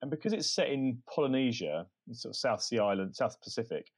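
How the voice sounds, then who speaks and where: Animated, lively man telling stories. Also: medium pitch, slightly rough. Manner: animated storytelling with quick restarts. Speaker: comedy writer, podcast guest. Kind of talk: casual remote podcast chat.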